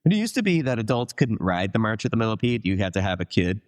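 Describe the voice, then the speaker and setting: A man's voice: on the low side, big pitch swings, quick pace. A man co-hosting a podcast in casual chat, talking in a rambling, enthusiastic way with many asides. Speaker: podcast co-host.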